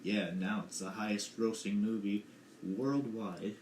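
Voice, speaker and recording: Unhurried and a little mellow, a young man with a lowish, steady voice co-hosts a relaxed podcast chat full of rambling and hedging. The room echoes and carries a faint noise.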